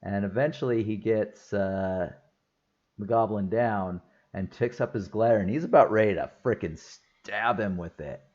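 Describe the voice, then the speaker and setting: A man's voice: fairly low pitch, unhurried, darkish tone, highs cut off. A man talking casually through a film review, rambling and enthusiastic, with lots of fillers and laughs. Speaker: movie reviewer.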